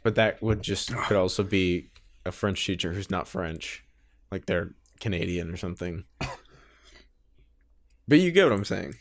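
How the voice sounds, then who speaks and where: A man's voice: low voice, lively intonation, measured pace, vocal fry, pauses often. A young man co-hosting a podcast in casual chat, teasing his co-host and cracking jokes. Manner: joking, teasing interjections.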